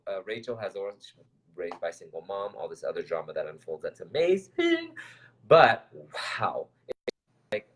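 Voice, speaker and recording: Low-voiced man telling a rambling story. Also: poor audio. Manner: animated storyteller, rambling with fillers and laughs. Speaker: co-host. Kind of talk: casual chat.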